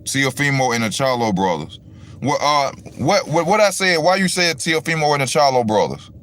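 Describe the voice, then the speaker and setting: A man's voice: medium pitch, animated, moderate pace, a bit bright. A man hosting a casual boxing talk stream, rambling and swearing as he talks straight to his viewers. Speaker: boxing commentary host. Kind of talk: casual livestream rant.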